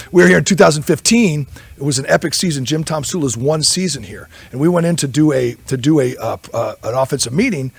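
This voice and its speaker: A man's voice: mid-range voice, creaky, slightly rough, no room sound. A man, an offensive line coach, giving candid, rambling answers at a press conference and telling stories as he goes. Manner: rambling storyteller, candid, self-interrupting.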